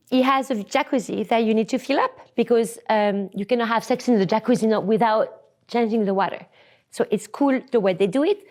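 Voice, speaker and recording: Young woman, French accent, slightly high voice, candid profane storytelling, laughing asides. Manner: frank and profane, laughs often, drops to hushed asides.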